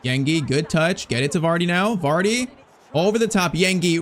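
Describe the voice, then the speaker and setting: A young man giving excitable, frustrated running commentary over his own gameplay, peppered with "bro" and "man". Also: fairly high pitch, a little fast. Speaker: gaming YouTuber.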